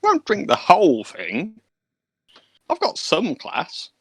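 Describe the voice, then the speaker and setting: A man's voice: sits high, wildly swooping pitch, takes it slowly, breathy edge, no room sound, clean studio sound, voice pushed up, exaggerated voice. Brief: offhand drinker in a tabletop party, bouncy delivery, a man voicing him. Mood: defensive. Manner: breezy and offhand. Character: easygoing, beer-loving male mercenary.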